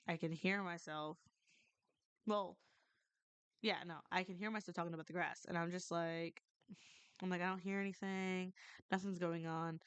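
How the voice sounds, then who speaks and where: A woman's voice: on the low side, a bit bright, clean tone, no room sound. A woman casually telling a ghost story to her stream, rambling with many restarts and some swearing.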